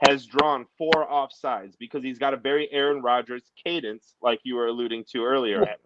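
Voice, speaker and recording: A man hosting a casual sports talk show, animated and ranting in quick bursts. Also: medium pitch, very noisy. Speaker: podcast host. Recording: dull lo-fi audio.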